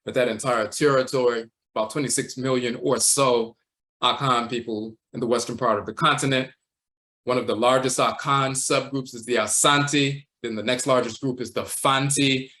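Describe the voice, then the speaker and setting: A man teaching a livestream lecture, walking slowly through words and terms, repeating them and often tacking on "and so forth.". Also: medium pitch, steady tone, pushed and bright. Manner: measured, repeats terms and says "and so forth" a lot. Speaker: teacher of a spiritual tradition.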